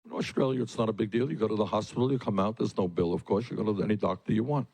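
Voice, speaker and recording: A man speaks to a crowd at a political rally. His delivery is emphatic and repetitive, and he hammers short phrases as his voice rises to loud, forceful peaks. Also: fairly low pitch, very fast, low-quality recording. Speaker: political candidate. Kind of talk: campaign rally speech. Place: public rally.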